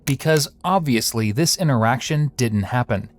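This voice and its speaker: A man's voice: mid-range voice, expressive, moderate pace, no room sound. A man narrating a true crime video in a scripted, sarcastic tone. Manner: sarcastic, wry.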